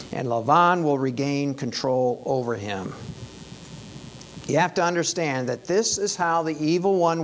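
A man's voice: fairly high pitch, slight background noise, poor audio. A male preacher giving a sermon in a conversational, wry and emphatic way, losing his voice.

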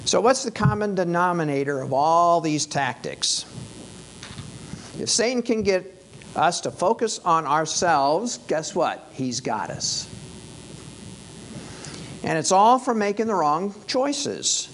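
A man's voice: on the high side, sing-song, slow pace, pauses often, fairly bright tone, slight background noise, low-quality recording. A male preacher giving a sermon in a conversational, wry and emphatic way, losing his voice.

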